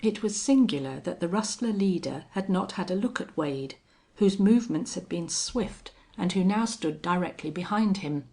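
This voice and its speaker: A woman narrating a western audiobook in a steady, measured reading. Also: on the low side.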